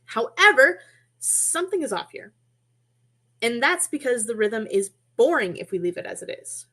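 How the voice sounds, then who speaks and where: A woman's voice: a little high, sing-song, moderate pace, a bit bright. A woman presenting an online lesson on poetry and music, explaining in a friendly, casual way with small asides and self-corrections, heard through a computer mic.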